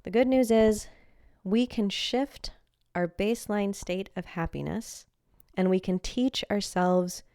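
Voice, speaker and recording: A woman's voice: medium pitch, takes it slowly, dark tone, no echo. A woman hosting a personal podcast, talking in a candid, enthusiastic, confessional way close to the mic. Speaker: podcast host.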